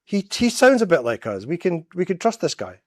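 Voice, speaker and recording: A man's voice: high voice, very animated, brisk, no room sound, studio quality. A man from Scotland, giving a storytelling public talk as a guest speaker in a church. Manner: storytelling, acts out quoted voices.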